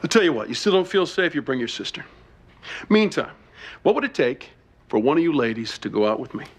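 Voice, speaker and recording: A cocky gym-rat flirt who brags and leans on smarmy pick-up lines. His voice sits at a middling pitch. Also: sing-song, fairly quick. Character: cocky muscle-bound ladies' man.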